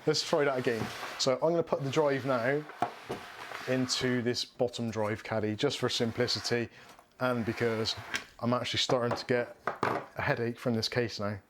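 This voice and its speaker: A man talks casually and frankly as he works through a livestream. His voice sits at an ordinary middle pitch, with a faint hiss of noise under it. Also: steady tone, normal speed. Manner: frank, chatty, laughs often. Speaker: streamer building a PC.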